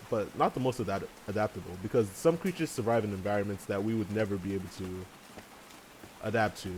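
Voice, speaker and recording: Rambling, lively-voiced gaming man. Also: fairly low pitch, a little hiss or hum, rough recording. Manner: chatty, rambling, swears, laughs often. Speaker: let's play host. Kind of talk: casual gaming commentary. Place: home room with large windows.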